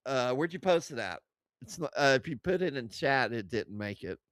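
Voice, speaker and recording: Close to his desk mic, a livestream host reads out the chat and ridicules it, laughing and cursing a lot. He has a medium pitch, lively intonation and a bit of brightness, speaking at a moderate pace with no room sound.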